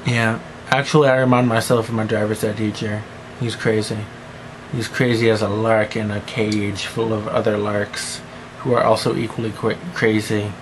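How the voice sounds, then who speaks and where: A man's voice: fairly low pitch, a little hiss or hum, low-quality recording. A teenage boy rambling goofily in a one-take vlog monologue, jumping between silly voices and mumbled asides. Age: teens. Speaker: vlogger.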